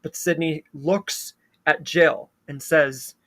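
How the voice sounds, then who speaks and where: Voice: medium pitch, measured pace. A channel host casually retelling a fan-made horror story, with loose fillers between plot beats.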